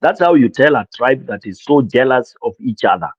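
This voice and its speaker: A man with a Kenyan accent hosting a casual call-in talk show, animated and mixing English with Swahili. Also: mid-range voice, normal speed, slightly rough, dry recording, highs cut off. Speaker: host of a call-in political show. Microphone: streaming mic.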